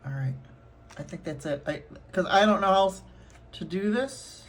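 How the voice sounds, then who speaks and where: A woman's voice: medium pitch, normal speed, slight background noise. A woman art vlogger chatting casually to herself and her viewers while painting, gushing and laughing often.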